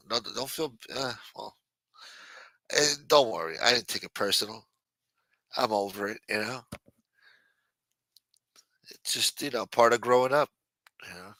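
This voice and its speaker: Reading out viewer chats on his late-night livestream, this host jokes and swears in a loose, casual way. His medium-pitched voice sounds animated but unhurried and sharp, with frequent pauses and no room sound.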